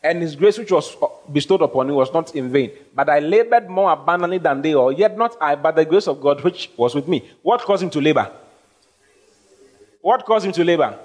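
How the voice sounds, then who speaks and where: Male pastor, slightly high-pitched, emphatic sermon with Q&A. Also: expressive, brisk. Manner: emphatic, rising to stressed phrases, asks the congregation questions. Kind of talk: sermon with audience questions.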